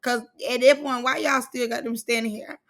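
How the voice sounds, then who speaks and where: A woman's voice: on the high side, fairly even intonation, moderate pace, vocal fry, a bit bright. A woman vlogger recapping a reality show in casual, blunt, slangy commentary.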